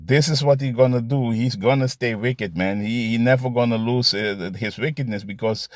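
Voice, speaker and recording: Man, mid-pitched, casual street-preacher delivery, repeats "you see", laughs between points, dry close sound. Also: moderate pace, no echo. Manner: repetitive, ends phrases with "man" and "you see". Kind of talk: casual preaching with scripture readings.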